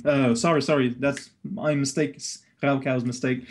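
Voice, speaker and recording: A man's voice: mid-range voice, steady tone, normal speed, hardly any pauses. A man playing a tabletop game, talking casually with many hesitations and restarts. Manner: hesitant, full of fillers and restarts. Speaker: player.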